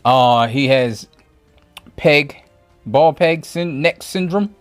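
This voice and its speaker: A man's voice: fairly high pitch, takes it slowly, faint music behind. A man giving a casual toy review from his home review table, rambling and thinking aloud with frequent self-corrections.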